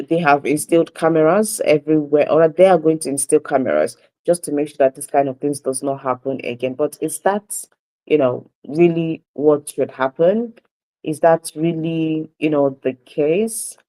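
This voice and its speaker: Halting Nigerian radio host. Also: mid-range voice, mellow, rough recording. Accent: Nigerian English. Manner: halting reading with many fillers and self-corrections. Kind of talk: morning radio newspaper review.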